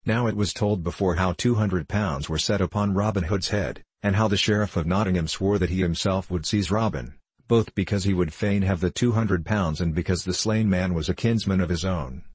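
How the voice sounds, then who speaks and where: Male audiobook narrator, deep and slightly husky, measured storytelling, dry booth sound. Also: no echo. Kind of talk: storybook reading.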